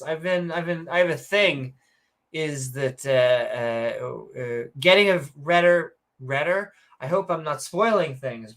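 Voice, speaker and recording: A woman's voice: deep voice, a bit bright. A woman co-hosting a casual podcast, reading out viewer comments in a rambling, joking way with lots of fillers and self-corrections. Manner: sarcastic, joking. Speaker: podcast co-host.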